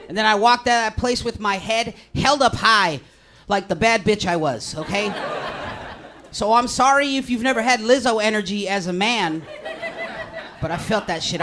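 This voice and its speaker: A man's voice: high-pitched, moderate pace, background noise. A young man from Stockton, California, performing a self-deprecating stand-up comedy set on stage. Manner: self-deprecating, conversational punchlines. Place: comedy club stage with audience.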